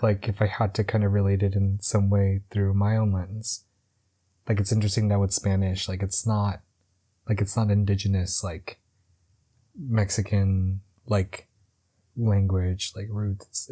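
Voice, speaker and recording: A man from California, co-hosting a podcast and thinking aloud in a relaxed, thoughtful way with lots of fillers. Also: on the low side, normal speed. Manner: thoughtful, with frequent likes and repeated starts. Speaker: podcast co-host. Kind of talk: casual chat.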